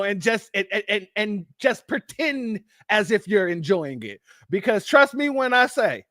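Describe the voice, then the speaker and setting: A man's voice: very high voice, a bit bright, no echo, studio quality. A man hosting a casual reaction stream, laughing and speaking to his viewers as family. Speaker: commentary host.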